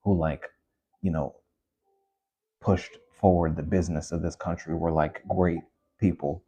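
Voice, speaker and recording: A man's voice: sits low, fairly even intonation, measured pace, warm tone, breathy edge. A man hosting his own show, ranting in a casual commentary monologue with many restarts and asides. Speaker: podcast host.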